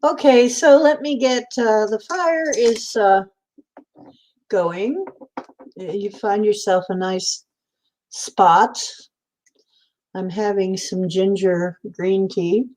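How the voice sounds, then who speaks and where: A woman's voice: mid-range voice, fairly even intonation, slow, pauses often, a little mellow, slight background noise. A woman hosting a casual chat, meandering and chatty with many fillers. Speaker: host.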